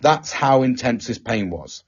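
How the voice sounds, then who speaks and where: Male podcast host, husky, sweary storyteller, dull lo-fi sound. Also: medium pitch, lively intonation, unhurried. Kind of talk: casual chat. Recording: dull lo-fi recording.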